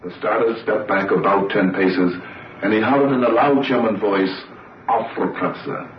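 A man, an Olympic sprinter, recounting his race in a deliberate, oratorical way, on an old archival recording. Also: on the low side, slight background noise. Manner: deliberate, oratorical, repetitive phrasing. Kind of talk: dramatic personal recollection. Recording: roomy, distant, old lo-fi recording.

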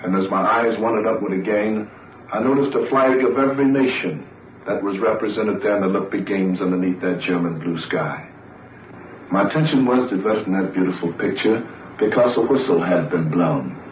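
A man, an Olympic sprinter, recounting his race in a deliberate, oratorical way, on an old archival recording. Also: fairly low pitch, a little hiss or hum. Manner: deliberate, oratorical, repetitive phrasing. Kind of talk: dramatic personal recollection. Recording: roomy, distant, old lo-fi recording.

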